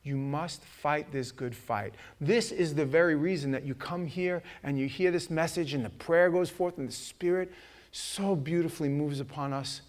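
A middle-aged male pastor preaches with a fairly high voice. He tells animated stories, acts out the other voices, climbs to loud shouts, then drops to a low, earnest tone. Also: normal speed. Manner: animated storytelling, acting out voices, shouting at peaks. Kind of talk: sermon.

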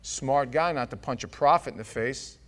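A man's voice: mid-range voice, normal speed. A man preaching a sermon, joking and acting out the scripture with voices. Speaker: pastor.

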